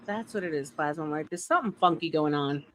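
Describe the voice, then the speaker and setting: A woman's voice: low-pitched, quick pace. A woman hosting a casual group voice chat, teasing and laughing as she talks. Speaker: stream host.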